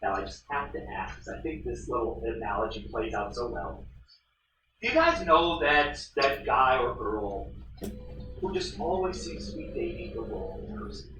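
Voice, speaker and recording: A man's voice: medium pitch, moderate pace, echoey room, far from the mic, noisy background. A male history teacher lecturing his class, telling stories and acting out the voices he quotes. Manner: animated storyteller, acts out quoted voices. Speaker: high school history teacher.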